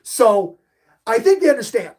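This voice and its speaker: Speaking at normal speed in an extremely high-pitched, husky voice, this middle-aged sports podcaster runs a live stream. He gets himself worked up with animated energy while reading out questions from the chat.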